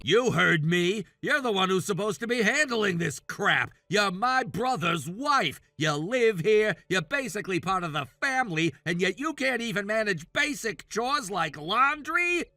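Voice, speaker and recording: A man voicing a demanding, sexist jobless brother-in-law in his thirties for a text message story, yelling orders and insults. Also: high voice, lively intonation, unhurried, hardly any pauses, no room sound, clean studio sound, exaggerated voice. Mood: angry. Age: 30s.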